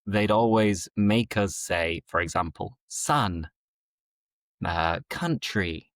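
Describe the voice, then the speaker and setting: Yorkshire guy hosting a chat, lowish voice, friendly questions, dry sound. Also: fairly even intonation, measured pace, no echo. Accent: Yorkshire English. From northern England, Yorkshire. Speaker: host, English teacher. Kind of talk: casual interview.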